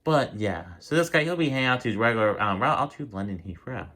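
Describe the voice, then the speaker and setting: A man's voice: medium pitch, animated, fast, a bit bright. A young man casually narrating his model airport, rambling with frequent ums and restarts, indoors in a dim room at home. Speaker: model airport hobbyist host. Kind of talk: casual hobby video narration.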